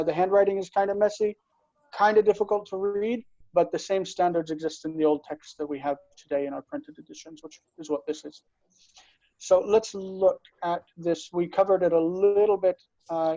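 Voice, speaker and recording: A man teaching Biblical Hebrew in an online class, explaining slowly and patiently and often checking that students follow. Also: high voice, mellow, no room sound, dull audio. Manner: slow, patient explaining with frequent checks for understanding.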